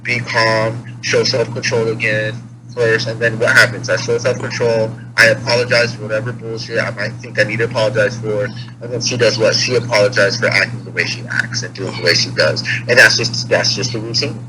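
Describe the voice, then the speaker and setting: A man's voice: on the low side, flat delivery, brisk. A man speaking candidly as an interview guest, talking in a casual, repetitive way that turns heated at points. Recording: noisy with hum.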